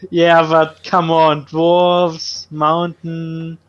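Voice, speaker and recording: Slow-talking joking player, lo-fi audio. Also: male voice, on the high side, completely flat delivery. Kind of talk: casual game chat. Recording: dull lo-fi audio.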